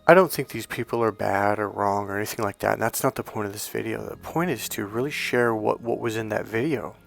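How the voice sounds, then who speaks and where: Gravelly low-voiced man telling a story. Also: brisk, soft background music. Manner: earnest, rambling, often self-correcting. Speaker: dating and healing coach. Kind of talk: personal storytelling monologue.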